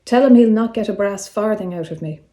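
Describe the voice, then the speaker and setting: A woman's voice: mid-range voice, fairly quick, warm tone, natural voice. A woman voicing a guarded working-class woman who answers curtly and defensively. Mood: curt, wary. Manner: curt, defensive. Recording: roomy echo.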